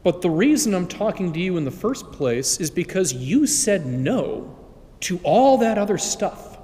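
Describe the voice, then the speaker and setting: A man's voice: high-pitched, big pitch swings, measured pace, dark tone. A male priest voicing a polite, formal voice inside a man's head that offers him righteousness. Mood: courteous. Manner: formal, courteous. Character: polite, respectful final inner voice. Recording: long church reverb.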